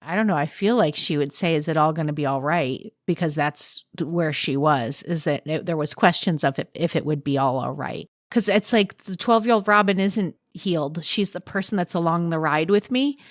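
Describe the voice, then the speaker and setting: A woman with a lowish voice talks frankly as a podcast guest. She swears freely and stays reflective. The sound is dry and close, with no room echo. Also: moderate pace, hardly any pauses. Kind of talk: candid conversational chat.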